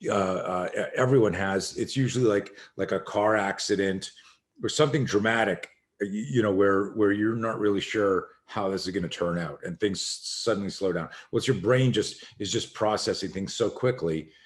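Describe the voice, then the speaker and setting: As a guest on a podcast, a middle-aged man who teaches self-defense spins a lively tale, performing each voice himself. He speaks in a lowish register at a moderate pace.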